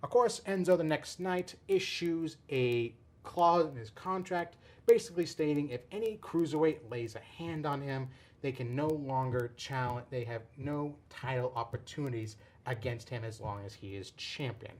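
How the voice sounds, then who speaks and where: A man hosting a casual podcast, explaining a storyline in a rambling, excitable way with frequent restarts. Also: medium pitch, normal speed. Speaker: podcast host. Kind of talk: casual wrestling chat.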